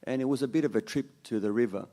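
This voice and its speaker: A man's voice: medium pitch, fast talker, dark tone. A man giving a conversational Ramadan sermon, telling a story and often restarting his sentences. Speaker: religious lecturer.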